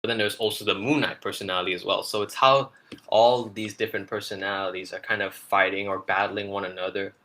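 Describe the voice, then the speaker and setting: A man's voice: lowish voice, fairly even intonation, fairly quick, bright, forceful tone. A man co-hosting a casual trailer breakdown, rambling with lots of fillers and restarts. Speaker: podcast co-host.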